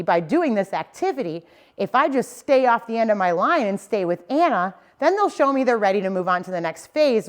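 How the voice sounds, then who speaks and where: Casual woman trainer explaining dog training. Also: mid-range voice. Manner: casual and explanatory, often checking in with "okay?" and "right?". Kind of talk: instructional talk to dog owners.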